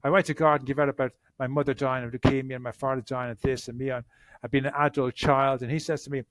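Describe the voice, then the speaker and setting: A man speaks as a therapist on a podcast. His voice sits at an ordinary middle pitch, and his delivery is earnest. He often restarts his sentences with repeated words. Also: steady tone, fast, a little hiss or hum. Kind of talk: conversational interview answers.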